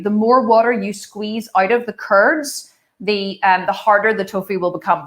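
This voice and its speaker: A woman's voice: mid-range voice, a bit bright. A woman hosting a live cooking stream, explaining things in a friendly way and passing along viewers' questions. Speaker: cooking show host.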